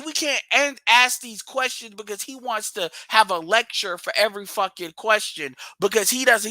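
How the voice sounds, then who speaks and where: A man's voice: high-pitched, pushed and bright, dry recording. A man hosting a livestream, ranting bluntly and profanely and hammering his points through repetition. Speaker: livestream host.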